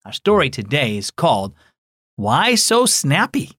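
A man's voice: on the high side, huge pitch swings, measured pace, a bit bright, husky, no echo, clean studio sound. A man hosting a children's devotional program, friendly and encouraging as he speaks to kids. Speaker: host.

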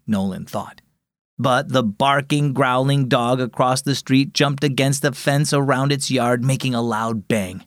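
A man hosting a children's devotional program, narrating a scripted story with an expressive read-aloud manner. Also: medium pitch, normal speed, dry recording, clean studio sound.

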